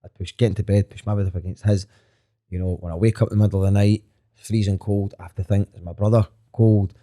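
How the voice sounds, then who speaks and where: Speaking quickly in a lowish, warm voice with a level tone, a Scottish comedian in his thirties recounts stories as a podcast guest. His delivery is earnest and frank, peppered with casual profanity, in a candid, conversational way.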